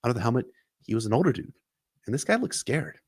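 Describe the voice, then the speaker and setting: A man's voice: mid-range voice, very animated, fast talker, slightly rough, dry recording, clean studio sound. A man hosting a podcast, recapping a story chapter with sarcastic, profane asides. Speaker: podcast host.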